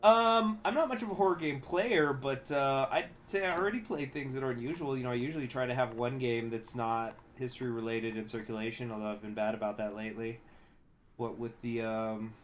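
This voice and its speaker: A man streaming a strategy game, chatting with viewers, reading event text aloud and breaking into loud, swearing surprise. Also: mid-range voice, a little fast, slight background noise. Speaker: gaming streamer.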